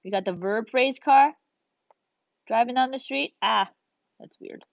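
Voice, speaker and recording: A woman's voice: fairly high pitch, unhurried, creaky. A woman teacher recording a lesson for young students, guiding them step by step in an encouraging way. The room sound is dry and close, with no echo. The audio is a little dull, like a simple home recording. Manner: encouraging, talks students through each step. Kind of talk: recorded video lesson for children.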